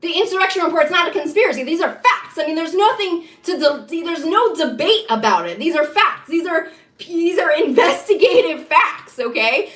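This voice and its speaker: A woman's voice: extremely high pitch, very animated, normal speed, fairly bright tone. A woman delivering an impassioned, emphatic political monologue, repeating herself and building to heated insistence. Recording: echoey room.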